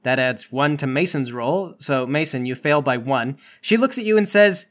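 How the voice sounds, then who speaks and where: A man's voice: medium pitch, expressive, normal speed, fairly bright tone. A man running a tabletop game as game master, with dry, wry remarks. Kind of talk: tabletop game narration and banter.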